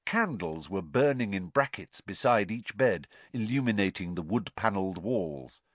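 Expressive male audiobook narrator. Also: fairly low pitch, normal speed, dry recording. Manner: expressive storytelling.

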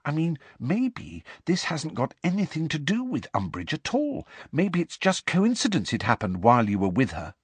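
A man's voice: a little high, wildly swooping pitch, moderate pace, few pauses, husky, dry recording, pitched above the performer's own voice, heavily acted. A man voicing an earnest, bookish teenage girl who is tired but kind, speaking in a raised, eager voice.

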